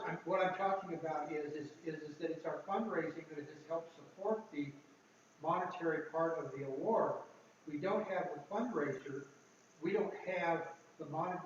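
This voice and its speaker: Male board member, muffled by a mask, distant echoey room, a bit high-pitched. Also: a little hiss or hum. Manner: muffled, speaking through a mask; halting, repeats words. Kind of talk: meeting discussion.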